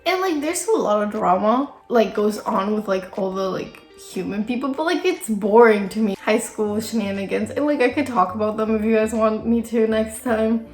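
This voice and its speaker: A young adult woman vlogger telling a casual storytime, with vocal fry and a chatty, gossipy manner full of "like". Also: medium pitch, moderate pace, few pauses, darkish tone. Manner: chatty, filler-heavy, gossipy with frequent "like". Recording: echoey room with faint music.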